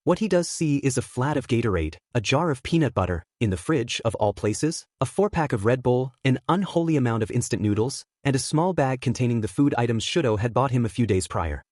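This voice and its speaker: A man narrating a fan fiction story aloud in a steady, even storytelling manner. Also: mid-range voice, brisk, hardly any pauses, no echo, clean studio sound. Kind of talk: audiobook reading of fan fiction.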